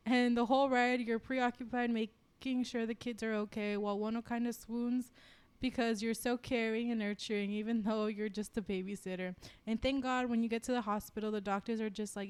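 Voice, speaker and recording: A woman co-hosting a podcast, reading fan fiction aloud and chatting in an animated, giggly way. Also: fairly high pitch, smooth. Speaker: podcast co-host.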